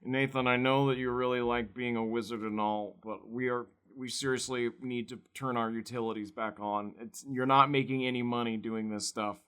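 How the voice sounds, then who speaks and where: Man plays a glum male dandruff creature, nags his roommate in a low, slow, quiet voice. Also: steady tone, clean tone, natural voice. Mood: nagging. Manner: weary, complaining, low and slow. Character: glum nagging tiny male dandruff familiar.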